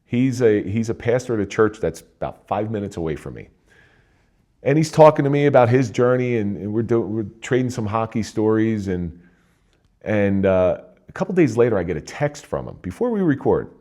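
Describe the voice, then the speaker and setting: A middle-aged man with a low, dark, mellow voice shares his story as a guest in earnest, conversational talk. He often restarts his sentences and lifts sharply in pitch when a point excites him. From New Jersey. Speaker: interview guest, retired police officer. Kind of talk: candid personal storytelling.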